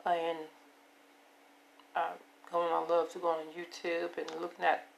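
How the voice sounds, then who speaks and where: A woman in her fifties with a hoarse voice, rambling and repeating herself as she talks to her viewers about taking care of herself. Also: on the low side, monotone, a little slow, slight background noise. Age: 50s. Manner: rambling, repetitive, self-affirming. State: hoarse, voice giving out. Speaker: vlogger. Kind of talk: casual personal monologue.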